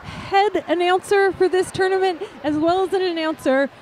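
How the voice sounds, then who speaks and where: High-pitched excitable woman commentator. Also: moderate pace, a little hiss or hum. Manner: excitable, gushing. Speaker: roller derby announcer. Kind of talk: live sports commentary.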